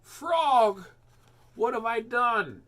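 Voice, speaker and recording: A man voicing an excitable, show-off male toad who talks loudly and eagerly in a storybook read-aloud. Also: on the high side, measured pace, voice pushed up. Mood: anxious. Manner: loud, eager, exclaiming. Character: boastful, excitable male toad, showy then anxious.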